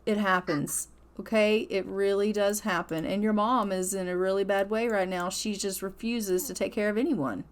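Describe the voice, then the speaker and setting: This woman's mid-range voice moves at normal speed, with fairly even intonation and few pauses. Hosting a relaxed let's-play for her gaming channel, she scolds her characters out of exasperation and puts their thoughts into words, quote by quote.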